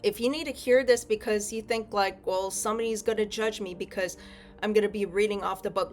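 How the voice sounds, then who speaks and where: A woman's voice: medium pitch, steady tone, a little fast, faint music behind. A young woman giving a casual tarot reading, rambling and correcting herself, often checking in with "okay?". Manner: chatty, rambling, frequent self-corrections and "okay?". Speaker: tarot reader.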